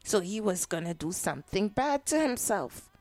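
A woman telling a Bible story to children in a slow, expressive storytelling voice. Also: medium pitch, no room sound, soft background music.

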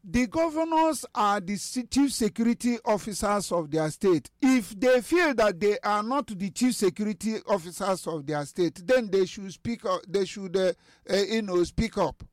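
A man with a high voice talks on a radio panel, stumbling through restarts before building to forceful questions. The sound is close and dry. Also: lively intonation, dry recording. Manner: halting, many restarts, rising to emphatic questions. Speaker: studio guest. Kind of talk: radio talk show discussion.

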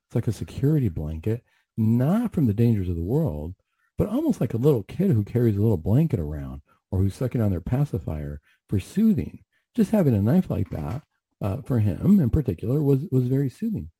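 Man, middle-aged, earnest storytelling, repeats himself, low voice, dry sound. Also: mellow, breathy edge, dry recording. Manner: earnest, repeats words, quotes himself in dialogue. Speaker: counselor telling a story on a radio show. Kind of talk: storytelling talk.

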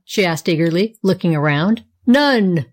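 A woman reading a children's story aloud as a volunteer audiobook narrator, steady and clear. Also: medium pitch, moderate pace.

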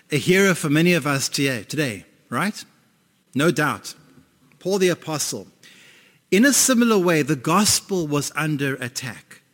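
A man's voice: medium pitch, a bit bright. Man, pastor, emphatic sermon, audience questions, echoing hall. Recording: long reverb in a hall.

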